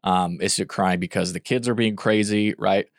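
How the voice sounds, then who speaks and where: Low-voiced man in casual chat. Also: fairly even intonation, normal speed, no echo, clean studio sound. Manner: goofy, rambling, many fillers.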